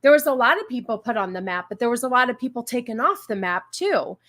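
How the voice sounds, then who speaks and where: A woman's voice: a little high, very animated, quick pace, fairly bright tone. A woman hosting a casual live stream, greeting viewers and musing aloud with many fillers and restarts. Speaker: stream host.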